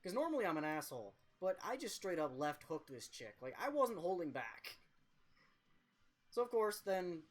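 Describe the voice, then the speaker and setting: A young man streaming a game, telling a rambling, profane, self-mocking story in casual chat. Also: a little high.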